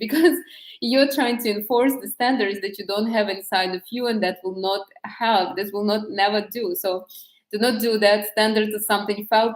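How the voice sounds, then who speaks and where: Frank woman coach in echoey room. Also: medium pitch. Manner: direct, frank, speaking off the cuff with restarts. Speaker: dating and love coach. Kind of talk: casual advice monologue.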